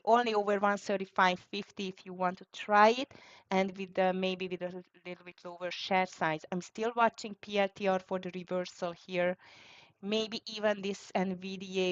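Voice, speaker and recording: A woman's voice: medium pitch, dry recording. A woman hosting a live trading stream, thinking aloud in slightly as she calls out prices and frets about the market. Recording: dry, dull lo-fi sound.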